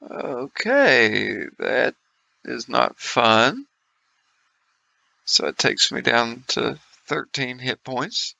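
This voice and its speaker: A man's voice: medium pitch, animated, very slow, gravelly, pushed and bright, dull audio. A man playing a tabletop game, swearing and thinking aloud. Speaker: player. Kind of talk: casual tabletop play.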